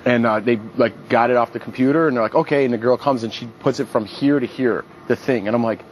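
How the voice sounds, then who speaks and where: A young man chatting casually with a group and recounting wild nights out. His tone is crude and lively, and he jumps up in pitch whenever he acts out what someone said. A faint hiss of room noise sits under his voice. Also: quick pace, low-quality recording. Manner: animated, profane, acts out quotes in a raised voice. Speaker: reality show contestant. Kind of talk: casual storytelling.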